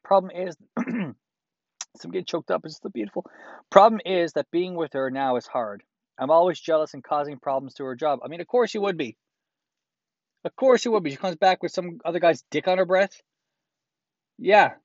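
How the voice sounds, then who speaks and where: A man's voice: fairly high pitch, fairly quick, no echo, highs cut off. A man reads a listener's letter aloud and breaks in with crude, profane, sarcastic comments. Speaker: host reading a listener's letter.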